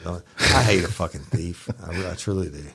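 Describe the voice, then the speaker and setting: A former detective co-hosting a podcast, telling a profane, blunt story in casual chat. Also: male voice, low voice, moderate pace, a bit bright, breathy edge, no echo, studio quality.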